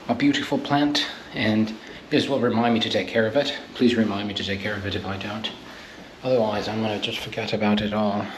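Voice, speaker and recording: A man's voice: fairly low pitch, steady tone, brisk, slight background noise, rough recording. A man, an actor, vlogging in a casual way, thinking aloud and trailing off between thoughts. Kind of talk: casual vlog self-talk. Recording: loud background music.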